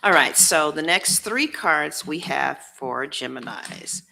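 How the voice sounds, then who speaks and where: A woman's voice: deep voice, lively intonation, slow pace, gravelly, few pauses, bright, forceful tone. A woman giving a casual tarot reading, talking bluntly and preachily, with slangy asides to her viewers. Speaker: tarot reader.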